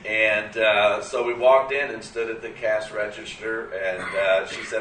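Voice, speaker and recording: A man in his fifties preaching in a relaxed, folksy way, telling a story with plenty of "you know" and "uh". His voice is bright and forward. He sounds a little distant from the mic, in an echoey hall with faint ambient noise. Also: lowish voice, unhurried, few pauses. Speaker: speaker at a church gathering. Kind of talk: storytelling sermon.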